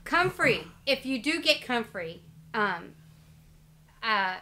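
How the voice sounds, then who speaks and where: Woman, high and bright-voiced, chatty live-stream co-host. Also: big pitch swings, slow, slight background noise. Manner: chatty, reads out viewer names. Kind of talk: casual live-stream chat.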